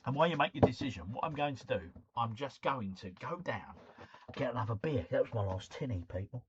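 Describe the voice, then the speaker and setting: A man's voice: mid-range voice, animated, brisk, noisy background. A middle-aged man hosting a live stream, chatting matily with viewers and reading out their comments. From United Kingdom. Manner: chatty, matey, reads and answers chat comments. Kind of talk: casual live-stream chat. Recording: dull lo-fi stream mic.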